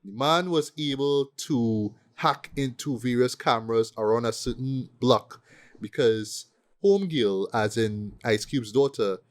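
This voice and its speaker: Casual podcast co-host, man, animated and profane, mid-range voice. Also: mid-range voice, measured pace. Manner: animated, profane, acts out quoted lines. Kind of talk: casual ranting movie review.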